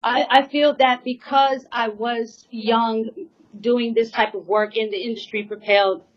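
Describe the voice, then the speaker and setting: A woman's voice: fairly high pitch, steady tone, measured pace. A woman drummer giving an earnest, emotional personal account, rambling with many fillers and pleading at times. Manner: rambling, full of "you know" and "like" fillers. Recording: slightly muffled lo-fi recording.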